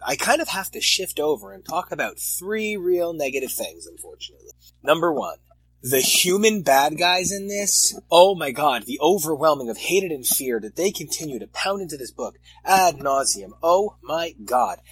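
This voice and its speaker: A man in casual chat about comics, animated and often exasperated as he reviews the stories. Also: fairly high pitch, moderate pace, breathy edge, dry recording, poor audio. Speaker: comic podcast co-host.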